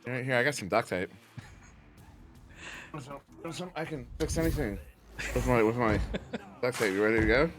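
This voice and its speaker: A man casting an esports match, goofy and rambling between plays, then excited play-by-play calls. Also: mid-range voice, normal speed, long pauses, over music. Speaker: esports caster. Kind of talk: play-by-play commentary.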